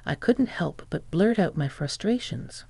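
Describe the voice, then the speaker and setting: A steady, scripted narration of a first-person story, told by a narrator who reads the quoted lines in the same even voice. The tone sits on the dark side, with a gravelly, husky edge, and the room gives back no echo at all. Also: mid-range voice, measured pace.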